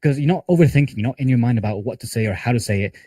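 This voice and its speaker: Male sales coach leading a team call; rapid, casual delivery with a warm, low-bright tone. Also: lively intonation, dry recording. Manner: conversational, talks with hands-on examples and casual fillers. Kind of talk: live group training call.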